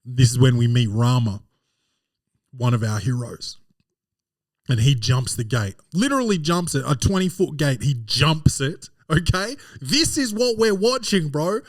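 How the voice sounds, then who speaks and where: A man hosting a podcast, telling a comedic film recap in an animated, profane way. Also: fairly high pitch, measured pace, no echo, studio quality. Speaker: podcast host.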